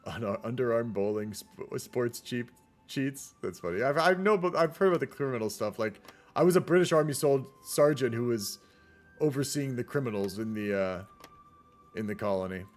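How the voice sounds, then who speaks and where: With an animated, mid-range voice at normal speed, a US game caster chats with his viewers while casually rambling over a strategy game replay. Soft background music accompanies him.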